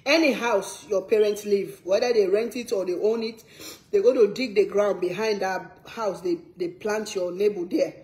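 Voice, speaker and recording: A woman's voice: mid-range voice, moderate pace, darkish tone, echoey room. A woman from Sierra Leone with a Sierra Leonean accent, talking to her viewers in a casual vlog, earnest and emphatic, repeating her words for stress. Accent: Sierra Leonean English. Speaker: cooking vlogger.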